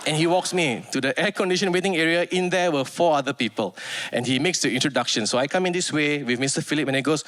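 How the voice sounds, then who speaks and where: A male stand-up comedian with a Malaysian English accent tells a story to a live crowd. His voice sits high and swings widely from line to line, and he jumps into quick impressions of the people he meets. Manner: animated, acts out other people's lines in character. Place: stage before a live audience.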